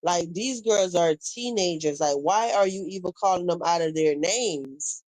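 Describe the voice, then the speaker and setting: A woman's voice: on the low side, expressive, a little slow, few pauses, a little mellow, no echo, rough recording. A young woman, chatting casually on a live stream, reacting to viewer comments and retelling gossip. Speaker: livestream host.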